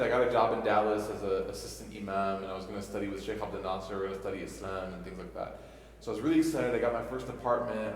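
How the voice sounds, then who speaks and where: Young imam, low voice, echoey hall. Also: male voice, recorded from a distance. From Egypt (family), raised in Chicago. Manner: emotional, storytelling with jokes and rhetorical "right?". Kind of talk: mosque talk to youth.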